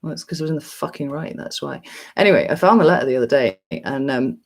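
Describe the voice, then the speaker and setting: Low-pitched and expressive, this woman in her forties talks briskly to her livestream chat as a tarot reader, rambling through a long, profane, candid story with plenty of fillers. The recording is low quality.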